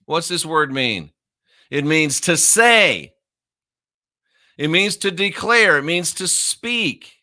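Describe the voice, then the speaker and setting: Man, combative Bible teacher, mocking, repetitive emphasis, bright forceful voice, slightly high. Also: expressive, very slow. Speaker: minister.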